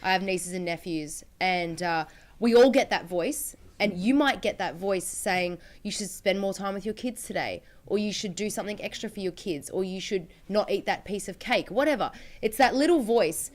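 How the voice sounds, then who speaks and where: A woman's voice: mid-range voice, normal speed. A woman co-hosting a livestream chat, talking earnestly and laughing easily. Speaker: co-host.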